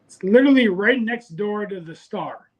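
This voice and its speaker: A man's voice: high voice, expressive, normal speed, slightly rough, highs cut off. A man calling in to a casual show over a video call, easygoing and laid-back. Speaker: caller.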